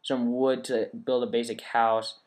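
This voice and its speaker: A man hosts a casual game commentary, chatting with his viewers as he plays. He thinks aloud in a rambling, easygoing way, and his voice sits at a middle pitch. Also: little pitch movement, measured pace, a little mellow. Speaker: gaming channel host.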